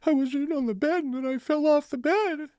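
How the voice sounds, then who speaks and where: A man's voice: very high voice, brisk, darkish tone, no echo, studio quality, pitched above the performer's own voice. A man voicing his upset young nephew in a whiny, raised voice. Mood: sheepish.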